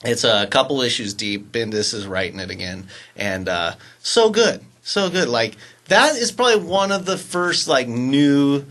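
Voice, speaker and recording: A man's voice: medium pitch, animated, measured pace, few pauses, a bit bright. A man co-hosting a casual podcast chat, talking in a laid-back, slangy way with lots of fillers. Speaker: podcast co-host.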